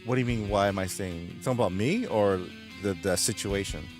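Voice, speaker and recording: A man's voice: lowish voice, a little fast, over music. Rambling man chatting on a late-night stream. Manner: rambling, chuckles often, retells jokes. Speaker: live streamer reading chat.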